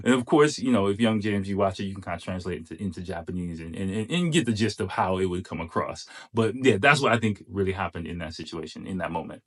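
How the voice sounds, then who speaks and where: A man's voice: lowish voice, lively intonation, quick pace, hardly any pauses, fairly bright tone. A man hosting, giving casual commentary on a clip, chatty and full of fillers and restarts. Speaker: host reacting to a clip.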